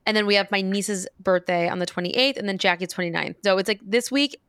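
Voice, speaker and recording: A woman's voice: mid-range voice, fairly quick, a bit bright, clean tone, no echo, studio quality. A woman hosting a podcast, chatting casually with her sister, laughing often and trailing off mid-sentence. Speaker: podcast host. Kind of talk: casual chat.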